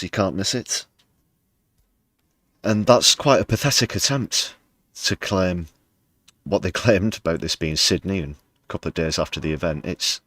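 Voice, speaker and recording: A man's voice: low voice, normal speed, pauses often, fairly bright tone, no room sound. A man hosting a livestream, talking over news clips with heavy sarcasm and often addressing viewers as "people". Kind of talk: live commentary on news clips.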